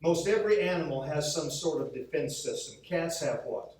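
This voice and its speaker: Expressive and darkish in tone, a pastor's fairly high voice keeps a moderate pace while he tells amusing stories and dramatizes the lines he quotes. The sermon echoes heavily through the church sanctuary, picked up from afar.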